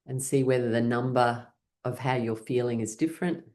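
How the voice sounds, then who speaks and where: A woman's voice: rumbling low, steady tone, moderate pace, a little mellow. A woman leading a guided laughter exercise session as an instructor, playful and coaxing, often breaking into exaggerated laughter. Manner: cheerful, coaxing participants to play along.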